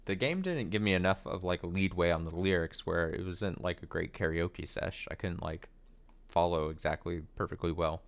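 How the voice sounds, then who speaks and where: A man's voice: deep voice, normal speed. A young man casually commenting on his gameplay, rambling and sarcastic with many fillers. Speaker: let's play host.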